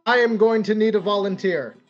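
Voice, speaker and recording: Tabletop player, playful, dull recording, soft music behind. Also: medium pitch, a little fast. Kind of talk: playing a tabletop game.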